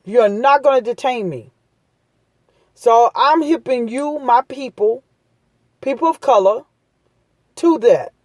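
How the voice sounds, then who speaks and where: A woman with a somewhat high voice rants to her viewers in a blunt, street-talking way. She drives each point home by repeating it. The sound is dry and close, with no room around it. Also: expressive, slow pace, pauses often, a little mellow, dry recording. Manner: emphatic, preachy, repeats points. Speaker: vlogger giving advice. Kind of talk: casual impassioned monologue.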